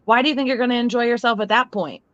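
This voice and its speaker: Fast, bright-voiced woman on a lo-fi mic. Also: on the high side, no echo. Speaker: podcast co-host. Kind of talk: casual podcast chat.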